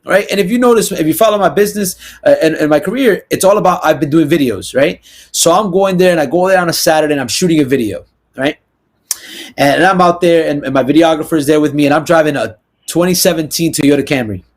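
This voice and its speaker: Slightly high-voiced and animated, this young New Jersey man is a real estate agent guesting on a podcast. He tells stories in a casual interview, speaking in quick bursts full of "you know" and "right?"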